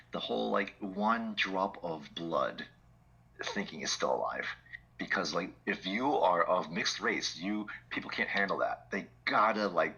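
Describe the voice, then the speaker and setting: Male podcast co-host with a very low, husky voice who chuckles a lot and fills his talk with "like". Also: bright, forceful tone, highs cut off. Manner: chuckling often, lots of "like" fillers. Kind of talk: casual political chat.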